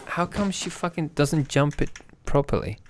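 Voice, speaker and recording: A man with an Irish accent chatting casually while playing a retro game, cursing and shouting at it. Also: fairly high pitch, moderate pace. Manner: sweary, excitable outbursts while playing. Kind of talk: casual gaming chat.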